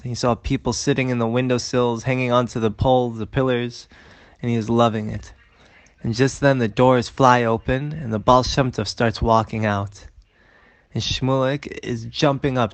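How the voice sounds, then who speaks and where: A man telling a story in a lively, dramatic way. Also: medium pitch, no room sound. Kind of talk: animated storytelling.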